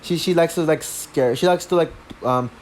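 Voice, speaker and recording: A man talking through a show review off the cuff, halting with many fillers and restarts, short of breath. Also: fairly high pitch, slight background noise. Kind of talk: unscripted review talk.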